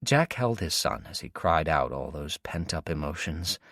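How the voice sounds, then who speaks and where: Deep-voiced man narrating an audiobook. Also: no room sound, clean studio sound. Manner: steady, measured storytelling. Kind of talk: scripted narration.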